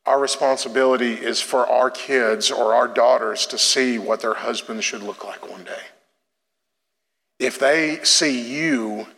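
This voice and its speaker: A middle-aged man preaching a sermon in a church, telling a family story in an animated way before turning to exhortation. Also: gravelly, big-room sound. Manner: storytelling, animated, rising pitch in anecdotes. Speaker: pastor.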